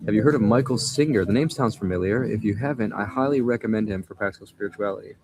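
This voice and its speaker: A young livestream host speaks fast in a fairly low voice against background noise. In casual chat he spins a rambling story, often cutting himself off mid-sentence.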